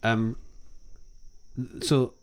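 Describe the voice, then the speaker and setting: A man co-hosting a podcast in casual chat, rambling with restarts and laughing often. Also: drawn-out words. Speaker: podcast co-host.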